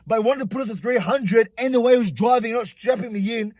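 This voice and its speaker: Young man, vlogger, husky tone, higher voice, animated profane storytelling. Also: fast, no room sound. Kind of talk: storytime vlog.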